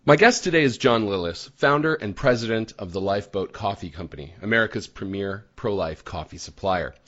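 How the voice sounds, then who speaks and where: A lower-pitched man hosts a podcast, his voice swinging with lively, animated pitch. He asks his questions in an upbeat, friendly way. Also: brisk, highs cut off. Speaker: podcast host. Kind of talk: podcast interview hosting.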